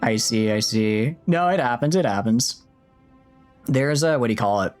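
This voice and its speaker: A man's voice: mid-range voice, animated, normal speed, darkish tone, soft background music. A man streaming a strategy game, chatting casually with his viewers, rambling with many restarts and fillers. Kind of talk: casual live-stream chat while gaming.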